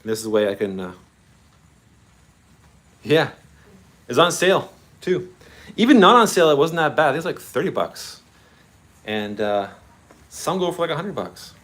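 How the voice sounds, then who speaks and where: A man hosting a model railway livestream, chatty and excitable, greeting viewers by name and laughing often. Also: a little high, moderate pace, long pauses. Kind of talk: casual live-stream chat with viewers.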